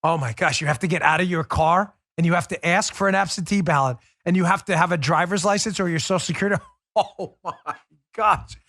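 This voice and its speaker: A sarcastic American man hosting a political talk show, his voice sitting a bit high. He mocks and laughs as he talks, recorded close and dry with no room sound. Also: fairly quick, fairly bright tone, no room sound. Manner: sarcastic, mocking, laughs often. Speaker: podcast host. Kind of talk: political commentary.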